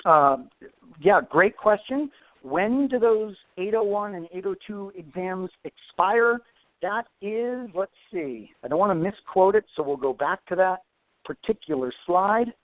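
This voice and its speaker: A man's voice: high voice, animated, unhurried, no room sound. Man in his 40s, webinar instructor, chatty, phone-like audio, dry and close. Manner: chatty, self-deprecating asides. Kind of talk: live webinar Q&A. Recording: tinny phone-like dry sound.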